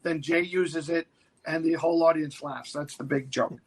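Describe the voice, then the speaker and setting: This fiftyish guest actor has a slightly high, husky voice and talks at a moderate clip over rough audio. Chatting casually, he tells a show-business anecdote with energy, frequently imitating the people he quotes.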